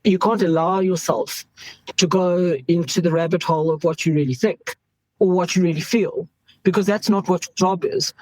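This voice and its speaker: A woman's voice: fairly low pitch, steady tone, normal speed, darkish tone, no echo, poor audio. Woman in her 50s, er doctor talking straight, slips into voices for quotes, dry close sound. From South Africa. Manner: frank, acts out quoted voices. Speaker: emergency doctor. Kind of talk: candid interview talk.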